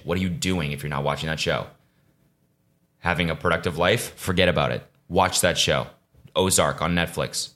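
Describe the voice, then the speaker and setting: A man's voice: sits low, a bit bright. A young man hosting a solo podcast, ranting in a profane, rambling, exasperated way and slipping into mocking voices. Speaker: podcast host. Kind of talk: casual solo podcast rant.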